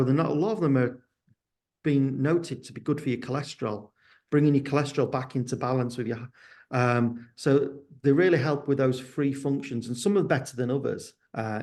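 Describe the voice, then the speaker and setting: A man's voice: mid-range voice, normal speed, darkish tone. Hesitant man with frequent restarts. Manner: hesitant, restarts sentences, candid. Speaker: guest, company founder. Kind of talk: interview answers.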